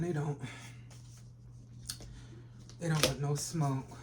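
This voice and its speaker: A tarot reader talks over an audible layer of background noise and clicks. The delivery is loose and profane, full of trash talk aimed straight at viewers. The voice sits at a middle pitch. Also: normal speed. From Philadelphia. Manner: brash and profane, trash-talking with sudden laughs. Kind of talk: casual tarot reading for viewers.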